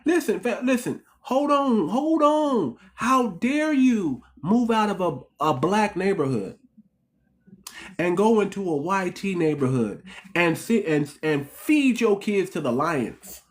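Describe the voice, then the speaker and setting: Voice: mid-range voice, expressive, takes it slowly. Fired-up commentary host speaking to viewers. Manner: heated, repetitive, keeps calling the audience "family"; rhetorical questions, emphatic restarts. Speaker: channel host. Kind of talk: impassioned commentary monologue.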